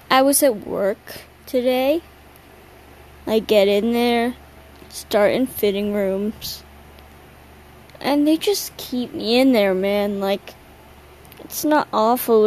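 A woman's voice: on the high side, darkish tone, low-quality recording. A young woman hosting a solo podcast late at night, tired and yawning, rambling in a slangy, self-mocking way. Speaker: podcast host. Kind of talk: casual solo chat.

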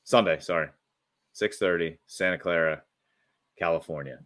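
A man with a very low voice co-hosts a casual sports podcast. He talks in an excitable, rambling way and keeps restarting his sentences as his thoughts rush ahead. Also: normal speed. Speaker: podcast co-host.

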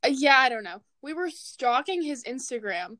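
A woman's voice: sits high, very animated, normal speed, pushed and bright. A teenage girl co-hosting a podcast, rambling and giggly, full of fillers. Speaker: podcast co-host. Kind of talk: casual chat.

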